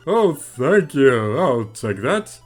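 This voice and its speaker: A woman voicing a hysterical male alligator who begs loudly for dog food in a game, raising her voice well above her own. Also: a bass voice, big pitch swings, slow pace, soft background music, exaggerated voice. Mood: cheerful. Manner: pleading, shouting, overwrought.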